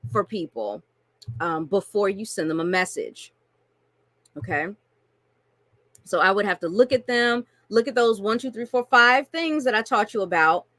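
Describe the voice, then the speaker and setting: A woman's voice: mid-range voice, fairly bright tone, no room sound. A woman coaching online marketers through a screen-share tutorial, chatty and casual, often checking in with "right?" and "okay?".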